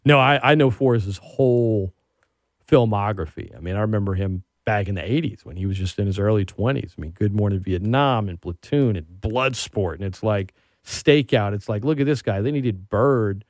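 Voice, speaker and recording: A man hosting a casual talk show, an animated storyteller who gets worked up. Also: fairly low pitch, moderate pace, no room sound, clean studio sound. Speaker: podcast host. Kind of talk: casual chat.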